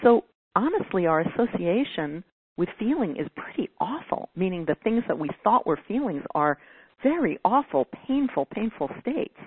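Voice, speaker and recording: A woman's voice: medium pitch, big pitch swings, moderate pace, breathy edge, dry recording. A woman giving a teaching talk, answering a caller's question in an earnest way and now and then acting out whiny quoted voices. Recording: dry phone-like audio.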